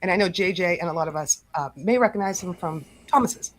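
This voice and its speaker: A woman's voice: fairly low pitch, brisk. A woman co-hosting a casual online panel chat, laughing often as she talks. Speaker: co-host.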